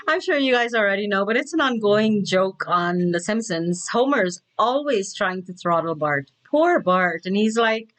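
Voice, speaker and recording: A woman's voice: mid-range voice, animated, unhurried, fairly bright tone. A woman hosting a music reaction video, chatting casually, giggling and paraphrasing the lyrics with restarts. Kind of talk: casual commentary.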